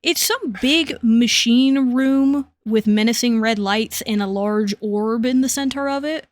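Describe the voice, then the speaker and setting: A woman co-hosting a podcast, casually recapping comic book plots with relaxed narration and light laughs. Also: a little high, a little slow, dry recording. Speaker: podcast co-host.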